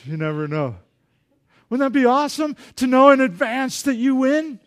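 High-voiced animated male pastor. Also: moderate pace. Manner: animated, acts out dialogue, jokes with congregation. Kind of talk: sermon.

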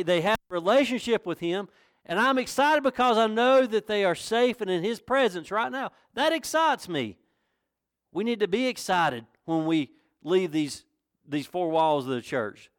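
A man's voice: sits high, clean tone, dry recording, studio quality. A man pastor from North Carolina with a Southern accent, preaching a sermon in a folksy, conversational way that rises to emphatic questions. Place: church.

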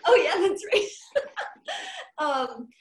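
A woman's voice: high voice, expressive, slow pace, reverberant, poor audio. A woman guest in a casual podcast chat, talking chattily and laughing often.

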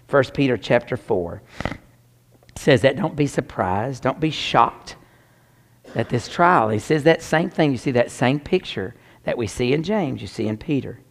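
A man preaching a sermon as pastor, swinging between loud exclamations and hushed near-whispers. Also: mid-range voice, big-room sound.

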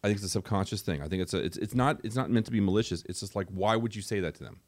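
A young man chatting casually on a podcast, opinionated and animated, talking quickly. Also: fairly low pitch, no echo, clean studio sound. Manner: rapid, opinionated, animated asides. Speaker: podcast co-host.

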